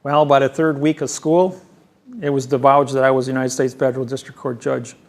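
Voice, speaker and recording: A man's voice: medium pitch, little pitch movement, a little fast. A man giving a rambling seminar lecture, boastful and emphatic, sure of his own expertise. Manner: boastful, emphatic, self-assured. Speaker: seminar presenter. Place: seminar room.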